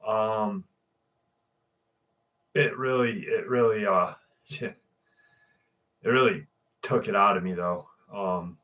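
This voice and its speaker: Slow, rambling man hosting a livestream. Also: lowish voice, pushed and bright. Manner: rambling, many fillers and restarts. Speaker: livestream host. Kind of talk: casual livestream chat.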